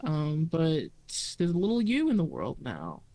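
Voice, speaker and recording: A game master narrates a tabletop role-play in a hesitant, meandering way. The voice sits in an ordinary middle pitch. Sentences often trail off and restart. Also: huge pitch swings, unhurried, warm tone. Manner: hesitant, lots of fillers and restarts.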